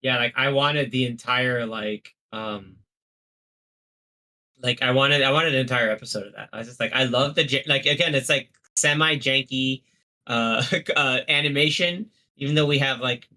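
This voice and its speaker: A man's voice: mid-range voice, steady tone, moderate pace, bright, forceful tone. A man hosting a casual movie podcast, rambling with lots of fillers. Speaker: podcast host.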